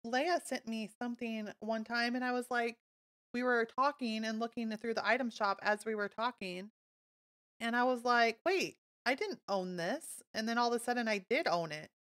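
A woman game streamer chatting live with her viewers in a bubbly, gushing way, easily thrilled by new items. Her voice is bright and ringing, and it sits a little higher than most women's. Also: moderate pace. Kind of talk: casual live-stream chat while playing.

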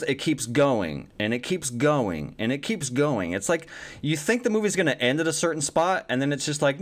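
A man giving a casual spoken movie review, animated and swearing freely, with lots of fillers. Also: on the high side.

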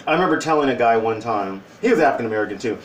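A man's voice: mid-range voice, expressive, rapid-fire, reverberant, recorded from a distance, slight background noise, rough recording. A man talking casually in a joking opinion vlog, with playful asides and put-on voices. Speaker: vlogger.

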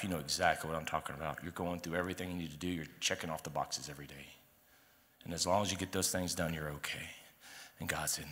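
A male pastor preaching a sermon in a conversational style, rising to emphatic peaks and dropping into quiet asides. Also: sits low, fairly even intonation, quick pace. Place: church sanctuary. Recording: long hall reverb with faint music.

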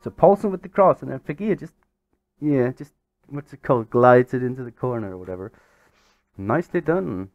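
A man commenting on his own football management game. His pitch swings widely as he goes from quiet grumbling to sudden disbelief. He is recorded on a dull, lo-fi mic in a dry room with no echo. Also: moderate pace. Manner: exasperated, excitable, swears mildly. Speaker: gaming channel host. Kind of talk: let's-play commentary.

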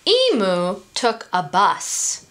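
A woman reading a picture book aloud to children, in an expressive, sing-song way, pausing to ask her listeners questions. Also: medium pitch. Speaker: story time reader.

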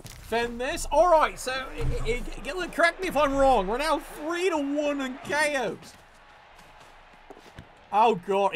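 A man commentating a tabletop-style video game match casually, excitable and profane, stammering when worked up. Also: very high-pitched, a little slow, a little hiss or hum.

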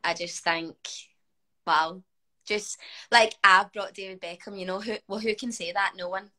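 A woman in her twenties with a Scottish accent, a footballer chatting casually on a livestream, animated and full of "like". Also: medium pitch, measured pace, rough recording. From Scotland. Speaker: guest footballer.

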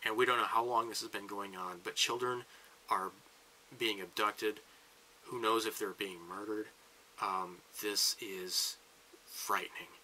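A man giving a long political rant as a vlogger, talking in bursts with halting restarts. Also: fairly low pitch, fairly even intonation, pushed and bright, a little hiss or hum, poor audio.

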